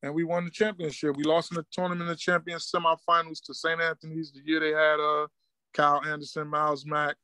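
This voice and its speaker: A middle-aged man from Newark, a basketball coach telling stories in a relaxed street style and acting out what people said. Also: fairly high pitch, brisk, clean tone, no echo. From Newark, New Jersey. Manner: laid-back street talk, acts out quoted dialogue. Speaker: high school basketball coach, guest. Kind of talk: casual storytelling interview.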